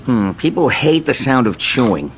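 A man's voice: mid-range voice, moderate pace, slight background noise, close to an everyday voice. A man voicing a nervous, worried male candy mascot in a cartoon ad. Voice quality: animated cartoonish delivery. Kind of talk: cartoon ad acting.

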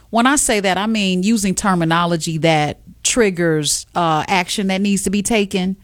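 A woman hosts an afternoon radio show, chatting with a co-host in an animated, emphatic way. Her voice sits at a middle pitch. It is recorded dry and close, with no room sound. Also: dry recording. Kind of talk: casual radio chat.

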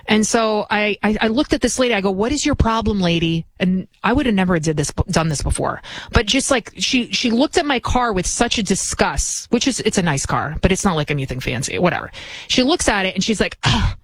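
A woman's voice: medium pitch, expressive, a little fast, no room sound. Indignant woman ranting on talk radio. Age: 40s.

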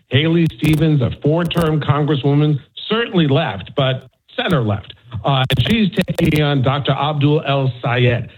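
A man's voice: mid-range voice, breathy edge. A man, a national correspondent, giving conversational political analysis with frequent fillers and restarts. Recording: tinny phone line.

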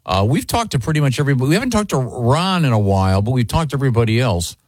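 A man hosting a radio interview, chatting easily and reading off upcoming show dates. His voice has a mid-range pitch and sounds close and dry, with no room echo at all. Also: sing-song, racing, a little mellow. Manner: conversational, reads dates and venues off a list.

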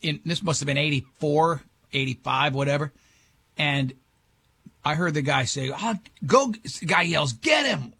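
A man in his fifties hosting a podcast, telling a rambling, excitable anecdote and acting out the quotes. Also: fairly high pitch, a little slow, gravelly, slightly rough. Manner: excitable, rambling storyteller who acts out quotes. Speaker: podcast host. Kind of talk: casual chat, telling an anecdote.

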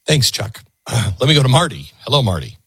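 A man's voice: mid-range voice, very animated, normal speed, a bit bright, slightly rough, no echo. A man hosting a radio call-in show, speaking earnestly and often repeating words as he gathers his thoughts. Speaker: radio talk show host. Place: radio studio.

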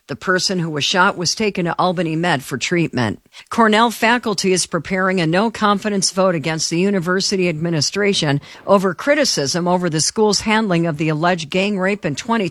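A man reading the local radio news in a measured, formal way. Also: high-pitched, a bit bright. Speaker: newscaster.

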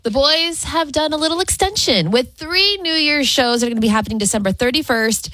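A woman co-hosting a morning radio show from a studio, chatty and excitable as she tells stories. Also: high voice, a little fast, no echo. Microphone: studio microphone.

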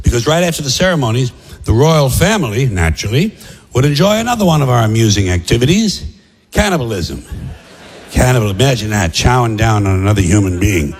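A man's voice: medium pitch, sing-song, a little fast, slightly rough. A man doing a stand-up comedy set, with a sardonic, punchy, rhythmic delivery. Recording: live theater with long reverb.

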